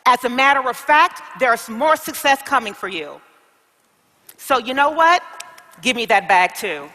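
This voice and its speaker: A woman's voice: on the high side, lively intonation, measured pace, bright, forceful tone, long reverb tail. A woman playing an airline check-in agent who exclaims and coaxes with preachy encouragement in a motivational comedy skit.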